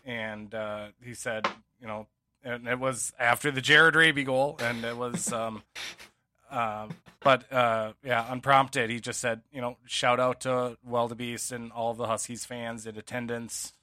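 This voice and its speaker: A man's voice: medium pitch, fairly even intonation, a little slow, bright, forceful tone, no echo. A man co-hosting a sports podcast, talking casually and rambling with many fillers and restarts. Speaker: podcast co-host.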